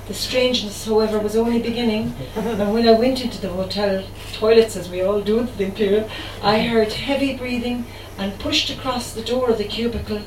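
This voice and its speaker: A woman's voice: a little high, fairly even intonation, fairly quick, few pauses. A woman at a poetry evening reading a short story aloud, playfully lingering on words. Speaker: reader at a poetry event. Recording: distant, echoey, noisy live room.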